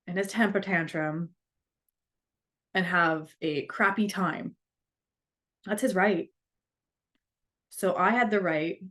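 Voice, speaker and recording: A woman giving a storytelling talk, earnest, acting out the voices of the people she quotes. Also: on the low side. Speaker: speaker.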